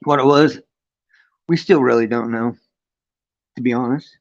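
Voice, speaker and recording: A man tells a personal spiritual experience on his livestream, rambling, restarting sentences and swearing freely. He stops now and then to read and greet his chat. His mid-pitched voice comes through slightly dull, lo-fi stream audio. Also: fairly even intonation, measured pace. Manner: rambling, frequent restarts and profanity; reads and greets chat between story. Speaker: livestream host. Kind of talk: casual storytelling on a livestream. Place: his friend's home.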